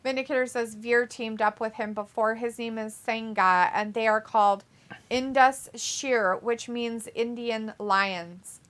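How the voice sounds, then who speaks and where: A woman's voice: on the high side, fairly even intonation, measured pace, fairly bright tone. A woman co-hosting a casual live stream, reading viewer comments aloud in a blunt, profane way and laughing often. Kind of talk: casual chat.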